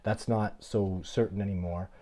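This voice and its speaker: A middle-aged man hosting a casual live Q&A, telling stories in an animated, blunt, plainspoken way. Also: low-pitched, moderate pace. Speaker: host of a livestream Q&A.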